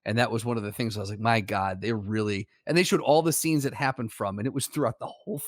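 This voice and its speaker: Easygoing podcast co-host, dry sound. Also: male voice, fairly low pitch, fast talker, no echo. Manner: easygoing, laughs along, trails off mid-sentence. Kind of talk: casual chat.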